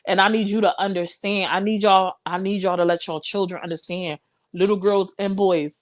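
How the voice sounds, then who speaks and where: A woman's voice: mid-range voice, steady tone, moderate pace. A young woman hosts a live stream and talks straight to her viewers. She sounds impassioned and a little preachy, in casual commentary.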